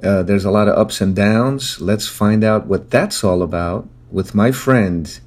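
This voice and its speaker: Guy doing the intro, low husky voice, slow and thoughtful. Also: darkish tone. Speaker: show introducer. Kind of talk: spoken intro.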